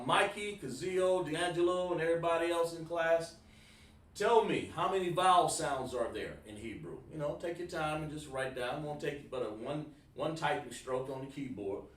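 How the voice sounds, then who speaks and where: Male teacher, informal, repeats himself; echoey room, mic at a distance. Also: a little high. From South Carolina, USA. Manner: informal, repeats words, talks to students by name. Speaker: Hebrew class teacher. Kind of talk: online class lesson.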